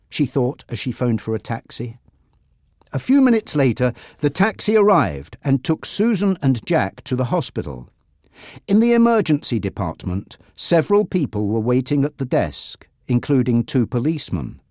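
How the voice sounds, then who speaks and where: A man narrating a graded reader audiobook, reading slowly and clearly. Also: mid-range voice, no room sound, studio quality. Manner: slow, clear, expressive reading.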